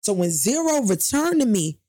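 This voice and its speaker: A woman, telling a personal story on a podcast in a casual, animated and profane way, acting out what people said. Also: medium pitch, moderate pace, dry recording, studio quality. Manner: animated, profane, acts out quotes loudly.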